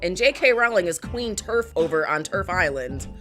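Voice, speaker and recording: A woman's voice: on the low side, animated, moderate pace, music in the background. A woman co-hosting a live chat, blunt and profane. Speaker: co-host.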